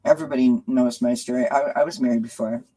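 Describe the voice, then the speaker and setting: A woman's voice: very deep voice, steady tone, fast, dark tone, slightly rough, low-quality recording. Chatty lady in her 40s on a live stream at home, lots of "you know", coos at her cats. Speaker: tarot channel host.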